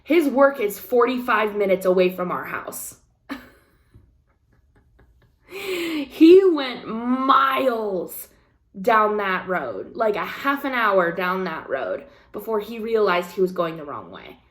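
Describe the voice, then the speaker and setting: A woman's voice: mid-range voice, very animated, measured pace, a bit bright. A young woman craft vlogger telling a story in casual chat, with frequent laughs and the odd swear word. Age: young adult.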